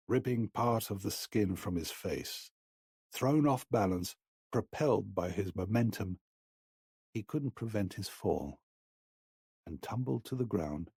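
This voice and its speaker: A man narrates a horror audiobook in a low, slightly husky voice, measured and grave. The recording is close and dry, with no room echo. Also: darkish tone.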